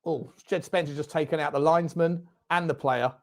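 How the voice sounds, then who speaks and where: A man with a fairly high voice, talking briskly, hosts a fan watchalong of a football match. He chats casually with viewers, voices their comments, and bursts into loud, excited cries at the referee and at near misses.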